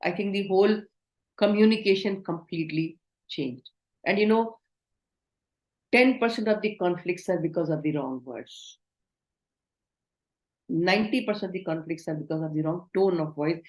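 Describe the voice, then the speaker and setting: A woman's voice: lowish voice, moderate pace, pauses often, a little mellow. A woman giving an online training lecture, instructive and asking the class questions. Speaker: communication trainer. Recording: roomy echo.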